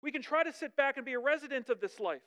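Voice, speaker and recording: A woman preacher giving a conversational sermon, lively and chatty, often checking in with her listeners. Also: high-pitched, fast talker.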